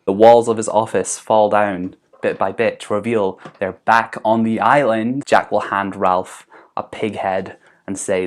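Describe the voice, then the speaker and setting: A young man riffs through a comic monologue from his bedroom, rambling and playful with constant "like"s. His voice sits on the lower side. He talks as a vlogger to his camera. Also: steady tone, unhurried. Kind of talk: comedic monologue.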